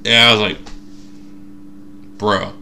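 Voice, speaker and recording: A man's voice: on the low side, takes it slowly, creaky. A young man co-hosting a podcast, telling a story with lots of acted-out quotes. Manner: animated storyteller, acts out quotes. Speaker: podcast co-host. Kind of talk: casual chat.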